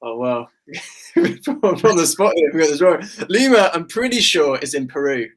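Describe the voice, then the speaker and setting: A man's voice: a little high, animated, moderate pace, a bit bright. A man co-hosting an online quiz, chatting about the answers in a joking, self-deprecating way. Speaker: quiz co-host. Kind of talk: casual quiz answer chat.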